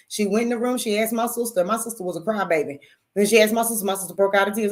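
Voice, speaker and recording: A woman host spins a personal story in loose, casual talk, cursing as she goes. She speaks straight to her listeners and keeps calling them y'all. Her pitch sits in a middle range for a woman. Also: quick pace. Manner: animated, profane, addresses audience as y'all.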